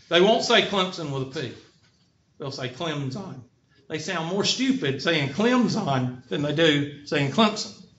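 A middle-aged man with a Southern American accent lectures a college class in a blunt, folksy way, often tossing questions to the students. His voice sits high and sounds bright and forceful. The recording is lo-fi and echoes around the classroom. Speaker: college instructor.

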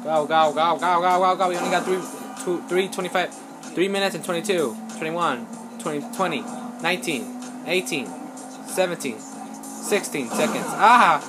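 A man giving casual let's play commentary, excitable and profane, yelling at the game. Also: on the high side, normal speed. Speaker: gameplay commentator. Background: game music.

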